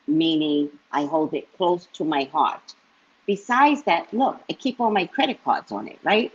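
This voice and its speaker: A woman psychic reader telling a story to her live-stream viewers in a casual, animated way, often tagging lines with "right?". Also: deep voice, unhurried, breathy edge. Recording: dull lo-fi stream audio.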